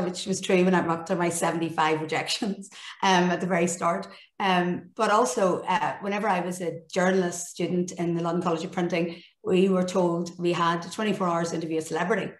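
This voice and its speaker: A Northern Irish woman in her fifties, a journalist telling an animated anecdote on a panel. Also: on the low side, fairly quick. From Northern Ireland. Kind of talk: storytelling on a panel. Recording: roomy echo.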